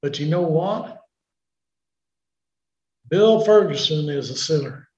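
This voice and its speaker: A man in his sixties preaching a sermon in a church, swinging from shouting to hushed, emotional delivery. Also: a little high, animated, takes it slowly, echoey room, lo-fi sound. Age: 60s.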